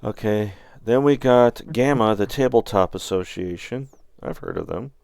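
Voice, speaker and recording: Deep, gravelly man in casual chat. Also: moderate pace, darkish tone, no room sound. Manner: thinks aloud while browsing, loose and joking. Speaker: channel host.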